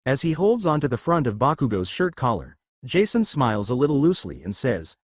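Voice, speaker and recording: A man narrating fan fiction in a steady, scripted storytelling manner. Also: medium pitch, fairly quick, hardly any pauses, dry recording, studio quality.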